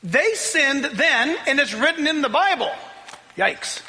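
A man preaching a sermon in an animated, joking, conversational way. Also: extremely high pitch, unhurried. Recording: long hall reverb, faint music.

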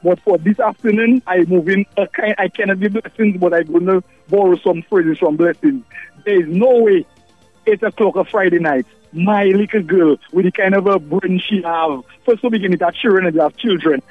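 Argumentative caller, high voice, tinny phone line. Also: male voice, moderate pace, dry recording, faint music behind. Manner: argumentative, rambling. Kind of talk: call-in radio talk.

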